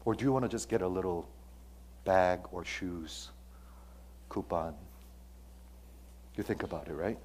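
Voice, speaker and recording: Pastor preaching with dramatic loud-soft swings. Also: male voice, low voice, measured pace, long pauses, a little hiss or hum. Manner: animated, swings between loud emphasis and quiet asides; asks the audience questions, frequent "okay?". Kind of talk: sermon.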